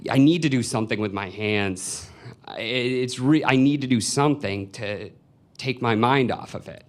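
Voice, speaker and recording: A man's voice: mid-range voice, moderate pace. A man in his twenties telling a personal story live on stage, in a wry, confessional way. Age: 20s. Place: stage before a live audience.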